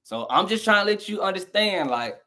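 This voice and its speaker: A fairly quick, sharp-toned high voice with lively intonation belongs to a young man from the southern United States with a Southern American accent. He's heatedly arguing with his live-stream chat, speaking to them directly and mocking their replies.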